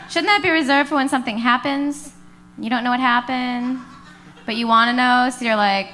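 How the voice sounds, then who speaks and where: Bright deadpan woman doing stand-up. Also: fairly high pitch, normal speed. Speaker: stand-up comedian. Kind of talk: stand-up set. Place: comedy club stage.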